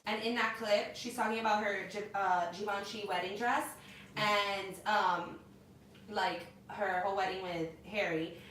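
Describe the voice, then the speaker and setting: A young woman co-hosting a casual entertainment news chat, opinionated and animated, with lots of "like.". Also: medium pitch, a little slow. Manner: animated, opinionated, heavy use of "like". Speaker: co-host. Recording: echoey room, mic at a distance, faint noise.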